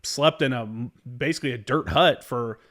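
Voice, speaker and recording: A man's voice: mid-range voice, moderate pace, a bit bright. A man hosting a podcast, a veteran who talks bluntly and rambles, with frequent swearing. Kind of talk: casual conversation.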